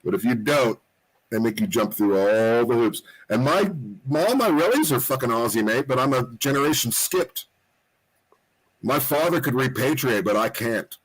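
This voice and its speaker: A man's voice: mid-range voice, animated, moderate pace, slightly rough, low-quality recording. Chatty, slightly tipsy man. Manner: rambling, chatty, swears freely. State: tipsy after a few drinks. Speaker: guest. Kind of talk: casual chat.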